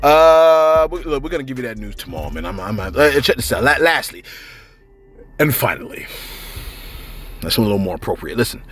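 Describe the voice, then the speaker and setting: A man's voice: mid-range voice, expressive, fast, few pauses, fairly bright tone, soft background music. A man hosting celebrity gossip in a casual, chatty way. He rambles, reads out viewer comments and keeps asking "you know what I'm saying".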